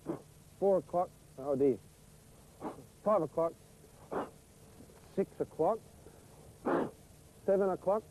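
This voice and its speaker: A man's voice: a little high, warm tone, slight background noise, low-quality recording. A man presenting children's TV outdoors, cheerfully counting along with the viewer.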